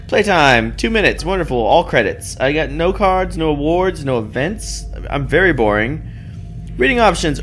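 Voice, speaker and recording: A man's voice: a little high, big pitch swings, unhurried, a bit bright, soft background music. A man playing a game, chatting casually, reading the on-screen text aloud and swearing now and then while joking about himself. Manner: self-deprecating, chatty. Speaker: let's play host. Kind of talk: casual gameplay commentary.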